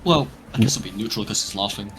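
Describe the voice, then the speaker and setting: A man's voice: lowish voice, lively intonation, fast talker, a bit bright, a little hiss or hum. Joking, swearing man at the game table. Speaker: player. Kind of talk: casual tabletop game chat.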